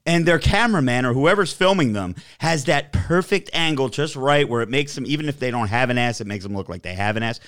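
A brash man co-hosting a casual chat with a middle-pitched voice. He swears constantly and launches into crude, joking rants. He talks loosely and bluntly, as if among friends. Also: expressive, a little fast, few pauses, a bit bright, clear, resonant tone, no echo, clean studio sound. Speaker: podcast co-host.

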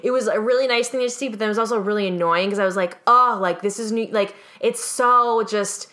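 Young woman podcast cohost, bright voice, animated storytelling, does the voices of people in her story. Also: mid-range voice, fast talker. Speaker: podcast co-host. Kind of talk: casual chat.

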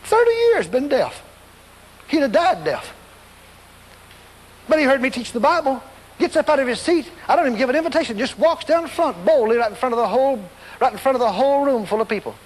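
A man's voice: very high-pitched, big pitch swings, fairly quick, big-room sound. A man preaching a storytelling sermon, acting out scenes and voices and laughing along as he goes.

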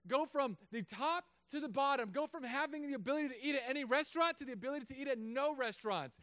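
A man, a pastor, preaching a sermon in a casual joking way, moving between quiet asides and loud emphatic stretches. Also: very high voice, quick pace, no room sound, clean studio sound. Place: church.

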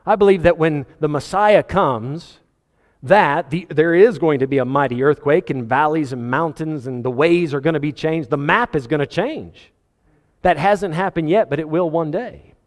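Earnest man preaching in a reverberant hall. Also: normal speed. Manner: earnest preaching, voice rising high when pressing a point. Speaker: pastor. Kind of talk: sermon.

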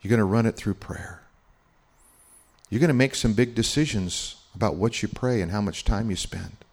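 A man voicing a tender, loving Jesus who speaks softly and gently to a child during a guided meditation. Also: fairly low pitch, normal speed, slightly rough. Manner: soft, hushed and gentle.

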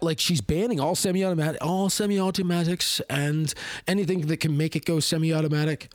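A man's voice: on the high side, no room sound. Heated, rambling man. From Canada. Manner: rambling and heated, heavy with fillers. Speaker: podcast host. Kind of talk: opinionated monologue.

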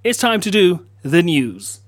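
A man's voice: sits high, very animated, a little slow, noisy background. A man hosting a comedy show, telling a story with self-mocking asides. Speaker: host. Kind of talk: comedic storytelling and news segment.

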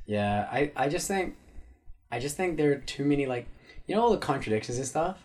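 A man's voice: mid-range voice, animated, a little fast, a little mellow. A man who is a podcast guest, chatting casually in slang and rambling through jokey stories. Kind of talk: casual chat.

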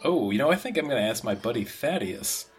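A man's voice: mid-range voice, sing-song, fairly quick, slightly rough. A man playing a tabletop role-playing game, answering in character in a wry, joking way. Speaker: player. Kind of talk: casual in-character play.

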